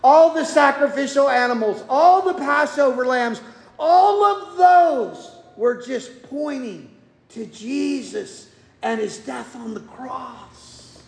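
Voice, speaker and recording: A man's voice: extremely high pitch, expressive, takes it slowly, gravelly. A man preaching a sermon, telling the story in a folksy way and acting out the quotes. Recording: echoey hall.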